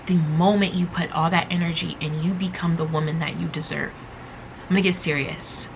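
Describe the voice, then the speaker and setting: A woman's voice: on the low side, a bit bright, a little hiss or hum, poor audio. A woman hosting a motivational podcast, talking casually and emphatically, repeating phrases to drive her point home. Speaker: podcast host.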